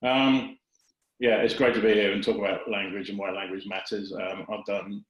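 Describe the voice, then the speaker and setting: A man from the UK, a guest on a video call, relaxed and self-deprecating. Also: lowish voice, moderate pace, lo-fi sound. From United Kingdom. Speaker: guest advocate. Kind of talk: casual video chat. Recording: echoey room on a video call.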